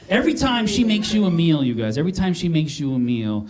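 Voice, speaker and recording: A middle-aged man from Maine doing a stand-up comedy set, self-mocking and talking to the crowd. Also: high-pitched. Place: comedy club stage. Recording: live club set with loud audience laughter. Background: audience laughing.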